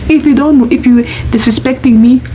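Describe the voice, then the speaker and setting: A controlling young boyfriend, indignant and commanding, as a woman quotes him in a storytime vlog. The voice sits a little high, with a faint hum of room noise behind it. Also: steady tone, a little fast, mellow, natural voice, low-quality recording.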